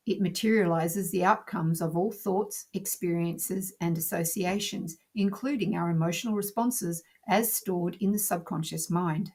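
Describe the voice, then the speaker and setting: Calm husky woman narrating a lesson. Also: lowish voice. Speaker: teacher. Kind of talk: scripted narration.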